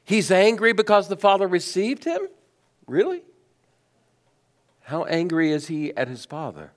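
A man preaching a sermon, asking rhetorical questions and letting his voice swing between high emphasis and low, quiet stress. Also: big pitch swings, measured pace. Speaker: pastor.

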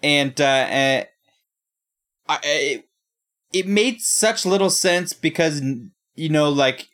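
A podcast co-host in casual chat making unhurried, chuckling remarks. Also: mid-range voice, fairly bright tone.

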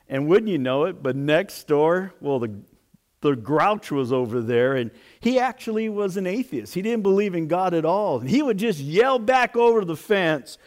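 Male pastor preaching a sermon, slow and animated, slightly high voice. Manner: slow, dramatic storytelling.

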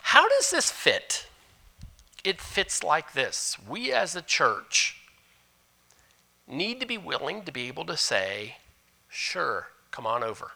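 Animated, bright-voiced male preacher. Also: a little high, slow pace, creaky, long pauses. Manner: animated preaching, switching between loud emphasis and hushed asides. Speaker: pastor. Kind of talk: sermon.

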